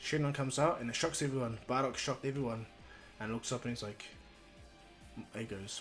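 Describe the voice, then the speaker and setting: A man's voice: medium pitch, a little fast, fairly bright tone, soft background music. Rambling male fan-story narrator. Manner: rambling, many ums and restarts. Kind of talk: casual fan-fiction storytelling.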